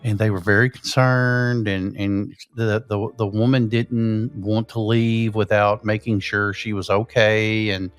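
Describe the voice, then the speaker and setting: A man's voice: lowish voice, level tone, a little slow, hardly any pauses, clear, resonant tone, faint music behind. A man, the show's host, casually telling a ghost story in a rambling way with lots of fillers. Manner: rambling, full of "you know" fillers.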